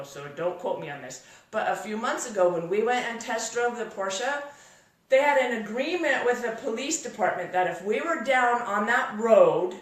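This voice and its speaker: A woman giving a workshop talk to a live audience, telling a story in a lively, exclamatory way. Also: medium pitch. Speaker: workshop speaker. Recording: echoey room, voice from far off.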